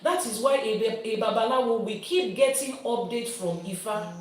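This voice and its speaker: A woman's voice: a little high, normal speed. Woman teaching in an echoey room. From Nigeria. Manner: explains with everyday comparisons, lively teacherly delivery. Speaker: Ifa priestess and teacher. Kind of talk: teaching and answering viewer questions. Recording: roomy sound from a distant mic.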